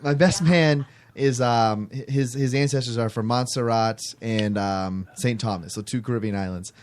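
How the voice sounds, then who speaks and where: A man at an ordinary middle pitch spins a long story in a relaxed podcast chat. He rambles, backs up and restarts often, with plenty of fillers. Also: moderate pace. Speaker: podcast guest telling a story.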